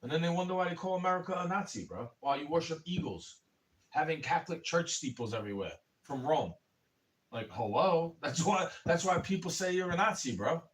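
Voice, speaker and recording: A man with a somewhat high voice rants through a rambling, profane livestream monologue and keeps calling his listener bro. His anger rises into loud bursts. He sits a bit back from the microphone, so the sound sits at a small distance. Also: expressive, brisk. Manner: angry, rising to shouting in bursts. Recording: voice a bit far from the mic.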